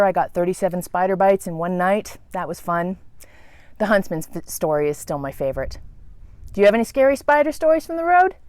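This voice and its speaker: A woman tells a story to camera with a lively, theatrical delivery. Her pitch climbs and dips all over the place, and the sound is dry and close. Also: no room sound. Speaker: travel vlogger.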